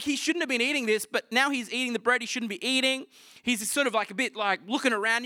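A man preaching a sermon, retelling scripture in a casual, animated storytelling way. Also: extremely high pitch, dry recording, clean studio sound.

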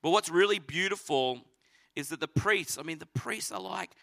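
A man preaching a sermon, telling the story with animated energy and acting out voices. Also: high-pitched, normal speed, vocal fry. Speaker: pastor.

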